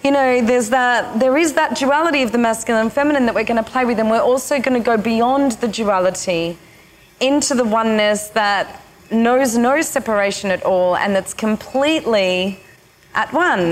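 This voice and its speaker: Woman spiritual teacher, slow and halting. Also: fairly high pitch, slight background noise. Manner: slow, halting, with many pauses. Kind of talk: teaching a retreat session.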